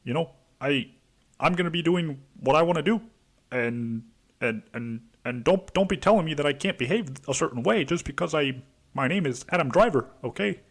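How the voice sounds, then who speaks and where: A man doing a comic impression of an earnest male actor who was once an army field medic, talking in rushed, halting restarts. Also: fairly high pitch, lively intonation, pitched above the performer's own voice.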